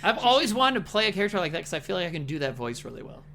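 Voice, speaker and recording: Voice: mid-range voice, sing-song, racing, creaky, fairly bright tone, a little hiss or hum. A podcast co-host in casual movie chat, rambling and profane with lots of fillers and jokes.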